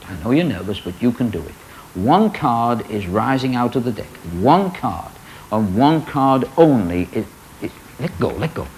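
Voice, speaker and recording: A magician emcee with a medium-pitched voice works the live audience with comic, teasing banter full of showman energy. The audio is rough, and studio audience laughter and noise can be heard.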